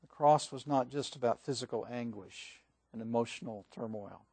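A man's voice: mid-range voice, moderate pace, gravelly, slightly rough, no room sound. Preacher man with a dry close sound. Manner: reads scripture aloud with swelling and hushed emphasis. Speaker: pastor. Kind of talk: sermon.

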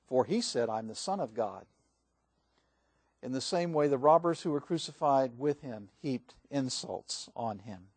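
A man's voice: mid-range voice, animated, unhurried, breathy edge, dry recording. Preacher man with a dry close sound. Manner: reads scripture aloud with swelling and hushed emphasis. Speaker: pastor. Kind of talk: sermon.

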